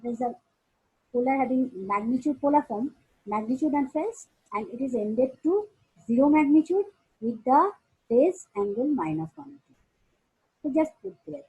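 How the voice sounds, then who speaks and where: A woman with an Indian English accent giving a recorded engineering lecture, pausing often with fillers and restarting her sentences. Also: sits high, lively intonation, mellow, slightly rough, dull audio. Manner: halting, frequent uh fillers and restarts.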